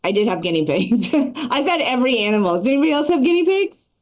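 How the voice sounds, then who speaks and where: A woman's voice: high voice, big pitch swings. Chatty woman doing stand-up. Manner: quick, chatty delivery with frequent asides. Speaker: stand-up comedian and show host. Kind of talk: stand-up comedy set. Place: live comedy show before an audience.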